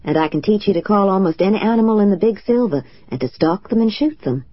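A woman narrator voicing a calm, gentle grown man who talks in a steady, reassuring way. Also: high-pitched, fast talker, no room sound, muffled recording.

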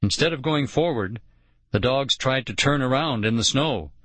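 A man giving steady, measured first-person narration of an audiobook. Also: mid-range voice, no room sound.

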